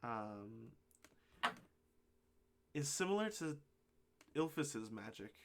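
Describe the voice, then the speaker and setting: Male game master, mid-pitched, hesitant narration full of fillers. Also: big pitch swings, takes it slowly, a little hiss or hum. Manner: hesitant, lots of ums and uhs.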